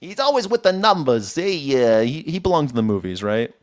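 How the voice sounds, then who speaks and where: This man hosts a live news reaction show in loose, casual chat, rambling, swearing and laughing as he goes. His voice sits at an ordinary pitch, and it is recorded dry and close with no room sound. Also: very animated, brisk, no echo. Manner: rambling, profane, laughs often. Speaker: host.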